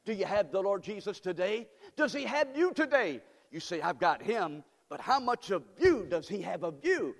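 High, lively-voiced preacher in a reverberant church. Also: male voice, moderate pace, few pauses. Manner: fervent preaching with repetition and call-and-response. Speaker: pastor. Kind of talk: sermon. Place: church sanctuary. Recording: long church hall reverb.

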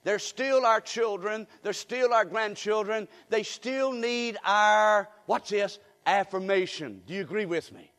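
A man's voice: sits high, a little slow, hardly any pauses, a bit bright, in a large hall. An older man preaching a sermon in a church, folksy and emphatic, leading the congregation in call-and-response. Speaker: guest preacher.

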